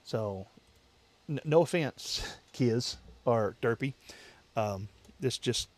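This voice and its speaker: A man's voice: mid-range voice, expressive, slow pace, no room sound. Rambling man hosting a casual livestream. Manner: rambling, repeats himself, laughs easily. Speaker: livestream host. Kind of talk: casual livestream chat with viewers.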